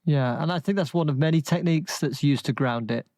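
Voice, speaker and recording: A man with a fairly high voice on a close, dry mic chats on a casual film podcast. He sounds hesitant, tripping on the starts of his sentences. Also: brisk, darkish tone, no echo. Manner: hesitant, stumbling starts, unsure. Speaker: podcast co-host.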